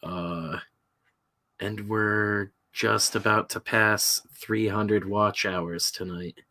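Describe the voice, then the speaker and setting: A man's voice: fairly low pitch, steady tone, extremely slow, sharp tone. A man co-hosting a casual livestream chat, rambling with many fillers and swearing. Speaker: podcast co-host.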